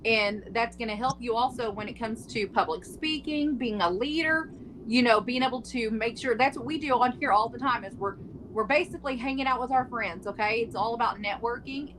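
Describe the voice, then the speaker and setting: A woman co-hosting a casual talk show, speaking in a slightly raised pitch. She is upbeat and encouraging and laughs easily. The recording carries a clear layer of noise. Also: brisk, a bit bright. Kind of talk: casual interview chat. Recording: noisy recording.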